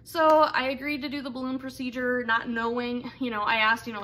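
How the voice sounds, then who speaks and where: Bright-voiced young woman telling a story. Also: fairly high pitch, flat delivery, a little fast. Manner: candid, rambling, many fillers and quoted asides. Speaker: vlogger telling her birth story. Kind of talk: casual personal storytelling.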